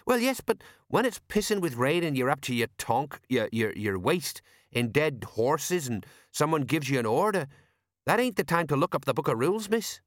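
A man voicing a nervous, rambling middle-aged sergeant who talks in a folksy, drawn-out way. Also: on the high side, big pitch swings, no echo, clean studio sound, voice pushed up.

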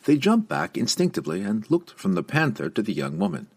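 Deep, husky male storyteller. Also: brisk. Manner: expressive storytelling with lively inflection. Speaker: audiobook narrator. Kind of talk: scripted fantasy narration.

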